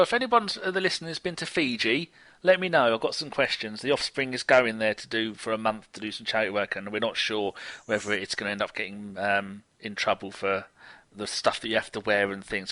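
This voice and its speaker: Chatty bright-toned man on podcast. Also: on the low side, fairly quick, no room sound. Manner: chatty, laughs easily, teasing. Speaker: podcast co-host. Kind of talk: casual sports podcast banter.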